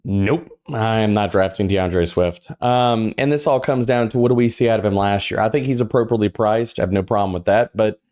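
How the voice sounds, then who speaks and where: A man's voice: fairly low pitch, fairly quick, hardly any pauses, a little mellow. Emphatic man arguing his case on a podcast. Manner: emphatic, argumentative, acts out quotes. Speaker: podcast panelist. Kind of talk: casual podcast chat.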